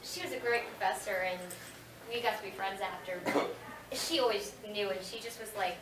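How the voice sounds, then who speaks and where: A woman's voice: medium pitch, brisk, a crowd in the background. Chatty woman at an echoey convention panel. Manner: chatty, laughing, slips into playful voices. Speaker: convention guest voice actor. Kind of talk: casual panel Q&A answers. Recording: echoey room, distant mic, background noise.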